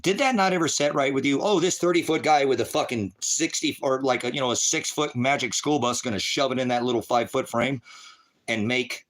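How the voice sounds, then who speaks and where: Male livestream preacher, cursing and mocking, volatile volume, mid pitch. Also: fairly quick. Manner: profane, taunting, mocking laughter; swings from low mutter to high shouting. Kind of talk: heated livestream rant at chat.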